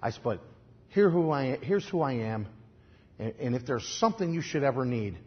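A man with a Chicago accent preaching a sermon, telling stories in a conversational way and swinging from quiet asides to loud, emphatic lines. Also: mid-range voice, big pitch swings, normal speed, highs cut off. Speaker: pastor.

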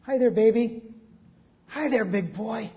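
A man's voice: extremely high pitch, measured pace. A preacher voicing a ragged, drunken old man who speaks in a firm, commanding way. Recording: dull lo-fi recording.

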